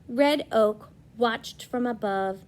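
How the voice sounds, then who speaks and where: A young woman, a preschool teacher, reading a storybook aloud to children and gently asking them questions. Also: fairly high pitch, slow pace.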